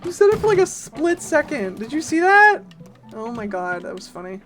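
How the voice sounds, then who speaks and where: Animated, giggly woman streamer. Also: high voice, moderate pace. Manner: animated and giggly, greets chat, swears often. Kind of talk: casual live-stream chat while gaming. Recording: game music playing under voice.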